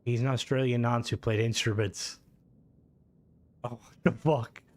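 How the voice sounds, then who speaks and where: A man's voice: mid-range voice, steady tone, measured pace. A young Irish man chatting casually on a game stream, rambling, swearing freely and answering chat.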